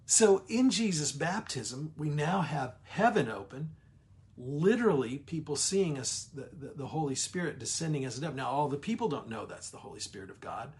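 A middle-aged man leading a livestreamed Bible study, emphatic, slowing down on key words and greeting viewers as they join. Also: on the high side, animated, a little mellow.

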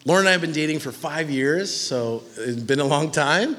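Young man, sermon, casual jokey delivery, slightly high voice, long hall reverb. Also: normal speed. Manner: animated, conversational, jokey. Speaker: pastor.

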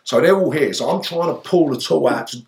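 A former gangster, guesting in a casual interview, tells his stories with lots of animation, swearing heavily and shouting out the outbursts he quotes from himself. His voice runs on the high side, fairly quick, with some vocal fry.

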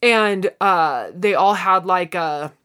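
A woman's voice: fairly low pitch, slow, sharp tone, clear, resonant tone. A woman co-hosting a podcast in casual chat, retelling scenes and acting out the characters' lines in quoted voices. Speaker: podcast co-host.

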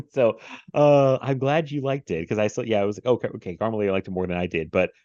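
A man's voice: fairly low pitch, fast, darkish tone, dry recording, muffled recording. A man hosting a podcast, chatting casually about movies, rambling with many fillers and frequent laughs. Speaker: podcast host.

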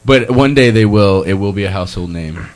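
Jokey, halting male co-host. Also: lowish voice. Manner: jokey, halting, stumbles over words. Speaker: podcast co-host. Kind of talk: casual chat.

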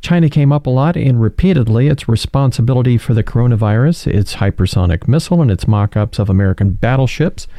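Man, mid pitch, deep warm timbre, incredulous, sarcastic, casual commentary. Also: expressive, quick pace, hardly any pauses, dry recording, clean studio sound. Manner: incredulous, sarcastic, addresses viewers as folks; reads news quotes aloud. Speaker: political commentary host.

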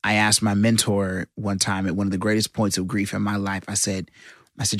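A man's voice: lowish voice, little pitch movement, brisk, a bit bright, no echo, clean studio sound. A man hosting, talking in an earnest, thoughtful and plainspoken way. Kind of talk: reflective talk.

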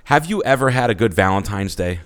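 A man's voice: fairly low pitch, animated, brisk. A man co-hosting a casual podcast chat, joking, laughing often and swearing freely. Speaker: podcast co-host.

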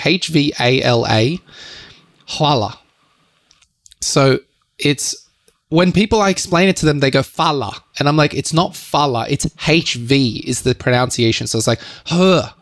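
Man, gravelly voice, dry close sound, casual podcast chat, explaining with asides. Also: medium pitch, fairly bright tone, dry recording. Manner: explains with quick asides and acted-out quotes. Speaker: podcast co-host.

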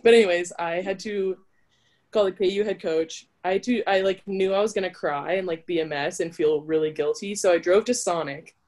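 A woman's voice: fairly low pitch, fairly even intonation, brisk, darkish tone. A young adult woman, an interview guest and college volleyball player, telling her story in a chatty, casual way that is full of "like". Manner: chatty, with frequent filler "like".

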